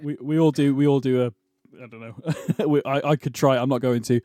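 A man's voice: mid-range voice, fairly even intonation, brisk, mellow, no echo, studio quality. A man co-hosting a casual wrestling podcast, rambling and restarting as he talks. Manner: rambling, restarts and laughs a lot. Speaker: podcast co-host. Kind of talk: casual chat.

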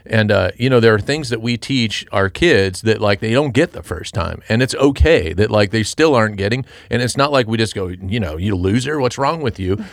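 A middle-aged man with a halting, earnest way of talking, sharing thoughts on a Bible chapter in a casual discussion. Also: fairly low pitch, expressive, no echo, clean studio sound. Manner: earnest, halting, with many restarts and fillers. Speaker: podcast co-host and Christian father.

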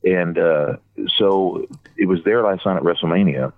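A man telling a long, rambling story in casual chat, getting animated whenever he quotes other people. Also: low-pitched, moderate pace. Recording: tinny phone line.

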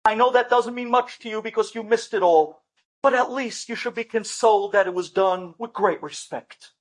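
A man's voice: sits high, normal speed. A man voicing a frantic middle-aged son who fires off incredulous questions. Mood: apologetic.

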